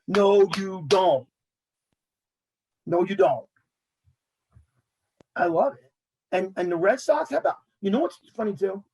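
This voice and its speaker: A man, hosting a casual sports talk show and ranting in an animated way while mocking others' words. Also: high-pitched, measured pace, long pauses, husky, poor audio.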